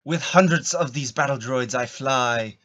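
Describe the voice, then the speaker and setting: Man reading a calm older jedi knight, bright voice, halting verse. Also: medium pitch, lightly acted. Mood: solemn. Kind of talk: table read in Shakespearean verse.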